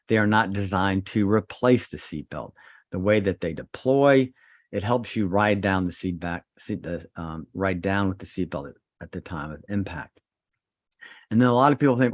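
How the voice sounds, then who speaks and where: Middle-aged male host, low voice, dry close sound, lively storyteller. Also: moderate pace, dry recording. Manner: animated, acts out other people's voices in his stories. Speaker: podcast host and trauma surgeon. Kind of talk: casual storytelling on a podcast.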